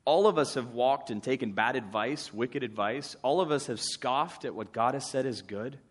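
Male preacher, relaxed sermon delivery, wry humor, mid-range voice. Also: mid-range voice, normal speed, breathy edge. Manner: conversational, wry storytelling with acted asides.

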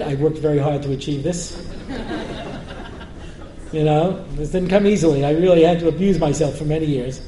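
A man's voice: sits high, warm tone. A man giving a humorous Torah lecture as a rabbi, joking and often asking the audience questions. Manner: joking, asks the listeners questions again and again. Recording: roomy hall with faint noise.

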